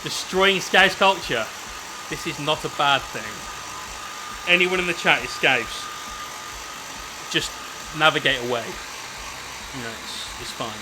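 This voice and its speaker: A man's voice: fairly high pitch, unhurried, long pauses, noisy background. A man hosting a casual painting live stream, bantering with his chat and explaining each step as he works.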